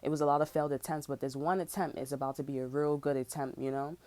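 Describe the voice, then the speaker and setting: A woman with a fairly low voice talks through a tarot reading in loose, profane slang. She keeps saying "bro" and pushes into a loud, heated tone as she vents. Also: steady tone, quick pace. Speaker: tarot reader. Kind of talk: casual tarot reading turning into a rant.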